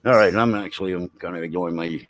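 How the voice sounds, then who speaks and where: A man's voice: sits low, fast talker, a bit bright, a little hiss or hum, low-quality recording. A middle-aged man hosting a veteran's live stream, reading headlines and riffing bluntly with chat. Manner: blunt, joking, reads headlines then riffs, talks to chat. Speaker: veteran podcast host. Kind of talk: casual live-stream commentary.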